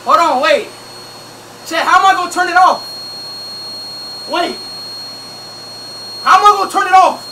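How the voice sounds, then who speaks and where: A young man livestreaming to his chat, loud, panicky and pleading. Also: very high voice, a little slow, pauses often. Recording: distant mic with clear background noise.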